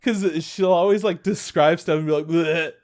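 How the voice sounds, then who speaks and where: Animated young man telling work stories. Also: high voice, moderate pace. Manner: animated storyteller, acts out quotes, swears freely. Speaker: podcast co-host. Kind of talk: casual chat.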